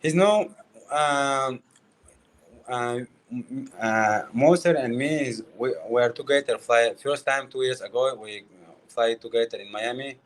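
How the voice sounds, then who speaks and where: A man's voice: mid-range voice, unhurried. A man, not a native English speaker, answers interview questions in short broken phrases, often saying "you know". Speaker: guest fighter.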